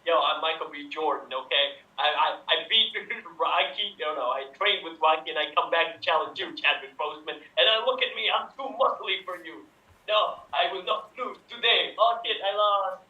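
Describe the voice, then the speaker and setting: A man's voice: on the high side, normal speed, bright, forceful tone. A man performing improv in a jokey, self-mocking put-on accent, rambling through a story. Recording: roomy, dull, distant mic.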